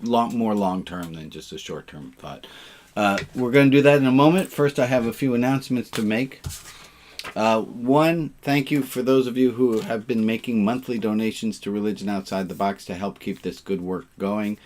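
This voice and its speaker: A man's voice: on the low side, normal speed, darkish tone, a little hiss or hum. A man leading an online service as rabbi, casual and playful, fond of puns, on a video call.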